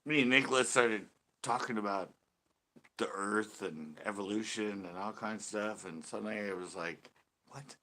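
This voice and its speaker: A man's voice: on the low side, normal speed, bright, forceful tone. A man hosting a fishing channel, chatting casually on a live stream, rambling and joking and slipping into put-on accents.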